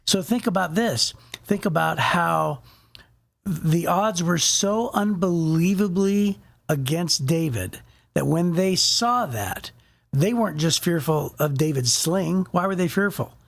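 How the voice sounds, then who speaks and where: A man's voice: fairly high pitch, slow pace, creaky. A man co-hosting a casual Bible discussion podcast, telling stories and acting out quotes. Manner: animated storyteller, acts out quotes. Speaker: podcast co-host.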